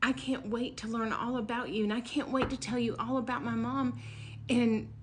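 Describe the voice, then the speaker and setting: A woman with a slightly high voice tells a personal story to the camera. She talks casually and with lots of animation, her voice soaring when she relives excitement and sinking to a near whisper for dramatic beats. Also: slight background noise. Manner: drops to a hush or whisper for dramatic moments. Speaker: vlogger telling a personal story.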